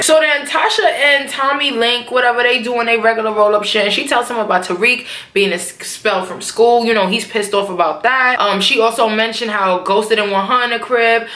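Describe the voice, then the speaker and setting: A young woman giving a casual, profane and opinionated TV episode recap, talking in an animated way. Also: fairly high pitch, brisk, hardly any pauses. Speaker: TV recap vlogger. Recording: echoey room.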